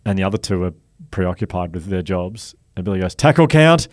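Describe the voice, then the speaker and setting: A middle-aged Australian man, a podcast guest, telling animated stories and acting out the quoted voices. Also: a little fast, no room sound, clean studio sound. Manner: animated, acts out quoted voices loudly and high. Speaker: guest, author and speaker. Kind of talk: casual storytelling chat.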